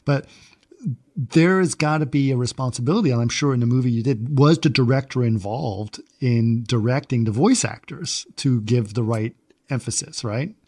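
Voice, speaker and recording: A man's voice: mid-range voice, moderate pace, a little mellow, breathy edge. A man hosting an interview, asking questions in a chatty way with some hesitant restarts. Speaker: interview host. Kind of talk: casual interview chat.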